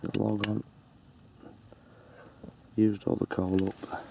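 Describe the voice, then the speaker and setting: A man's voice: lowish voice, level tone, slow, vocal fry, noisy background. A man chatting playfully to camera while cooking at a campsite, in a casual vlog. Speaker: vlogger. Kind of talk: casual camping vlog chat. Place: outdoors at a campsite.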